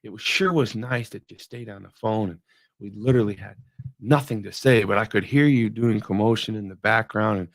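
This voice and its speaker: Middle-aged male devotional host, gravelly, dry close sound, reflective and conversational, trailing off softly. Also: fairly low pitch, normal speed, no room sound. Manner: musing, conversational, trails off quietly.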